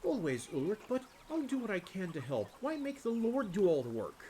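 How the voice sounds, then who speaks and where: A man voicing a kindly, busy village woman from a video game, speaking high and fretful. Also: wildly swooping pitch, normal speed, dark tone, a little hiss or hum. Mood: fretful, earnest.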